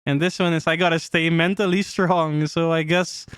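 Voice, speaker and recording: A playful male streamer with a smooth, resonant voice that sits a little high. He chats loosely with his viewers and laughs often. The sound is close and dry, with no room around it. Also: level tone, moderate pace, a bit bright, dry recording. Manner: playful, giggly, talks to chat. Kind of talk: casual live-stream chat. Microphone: desk mic.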